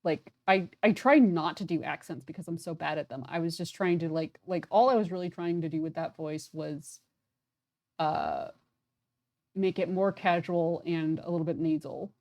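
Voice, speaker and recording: A woman's voice: low voice, moderate pace, darkish tone. A woman playing a story game aloud and chatting about it in a casual, self-deprecating way. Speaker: game player voicing characters. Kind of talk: casual commentary.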